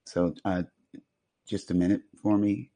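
A man hosting a podcast, passing the mic around in a loose, halting way with many fillers. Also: low-pitched, level tone, mellow. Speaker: podcast host. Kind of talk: casual moderating.

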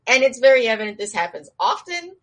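A woman casually recapping a show in slangy talk, acting out the characters' lines in a higher voice and laughing now and then. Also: big pitch swings, fast, fairly bright tone. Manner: chatty with frequent laughs and asides.

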